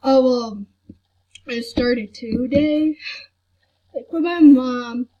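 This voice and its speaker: Sick young-sounding woman vlogger, slightly high, slow soft rambling delivery. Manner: soft-spoken, rambling with many fillers. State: sick with a headache. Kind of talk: casual chat to camera. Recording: dull lo-fi recording.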